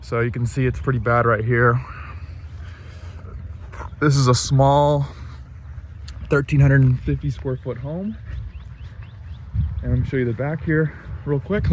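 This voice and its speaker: A man, pitched right in the middle, narrates his workday in an easygoing, rambling way, full of ums and asides. He's recorded outdoors on a job site. A faint hiss of noise sits under his voice. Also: fairly even intonation, measured pace, long pauses. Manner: laid-back, rambling, lots of ums. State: a bit out of breath. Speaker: pressure washing business owner. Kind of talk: casual vlog narration.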